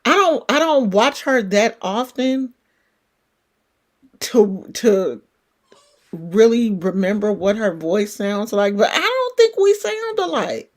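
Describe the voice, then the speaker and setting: A woman's voice: medium pitch, animated, slow pace. Chatty woman with a country twang. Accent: California country twang. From California. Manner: chatty, rambling, folksy. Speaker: livestream host. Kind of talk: casual chat.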